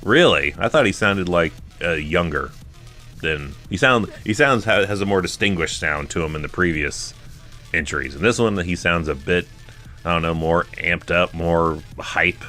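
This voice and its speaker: A man's voice: sits low, moderate pace, sharp tone, faint music behind. A man in his forties co-hosting a film podcast, chatting casually and rambling with frequent restarts. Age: 40s. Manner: rambling, restarts, laughs often. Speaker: podcast co-host.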